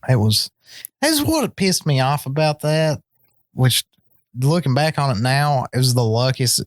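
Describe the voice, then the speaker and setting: A man's voice: mid-range voice, big pitch swings, measured pace, dry recording, clean studio sound. A young man co-hosting a podcast, talking in a laid-back, rambling way with lots of cursing. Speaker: podcast co-host. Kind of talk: casual chat.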